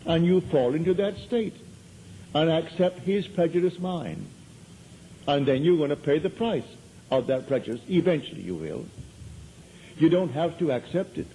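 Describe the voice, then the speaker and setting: A man's voice: fairly high pitch, lively intonation, normal speed, long pauses, warm tone, slight background noise, low-quality recording. A man giving a spiritual lecture to an audience, telling stories in a conversational way and driving points home by repeating them. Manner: conversational storytelling, emphatic repetition. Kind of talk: metaphysical lecture to a live audience.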